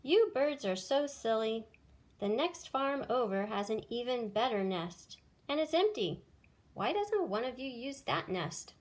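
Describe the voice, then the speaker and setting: A woman voicing a scheming, hungry male farm cat in a storybook read-aloud, speaking in a raised, loud, coaxing voice. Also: on the high side, very animated, measured pace.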